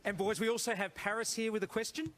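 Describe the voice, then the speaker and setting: A man hosting a TV interview, brisk and upbeat as he brings in fan questions. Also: high-pitched, steady tone, a loud crowd. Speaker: TV interview host.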